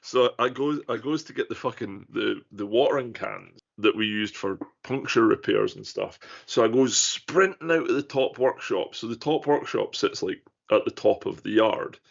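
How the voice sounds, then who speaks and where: A man's voice: on the low side, normal speed, vocal fry, few pauses. A young man, telling sweary stories in a casual podcast chat. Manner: sweary storytelling. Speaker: podcast co-host. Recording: muffled lo-fi recording.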